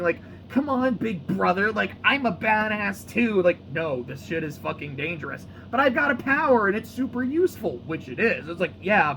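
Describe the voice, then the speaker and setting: Excitable, rambling young man. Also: fairly high pitch, slight background noise, low-quality recording. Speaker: reaction channel host. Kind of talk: casual book reaction.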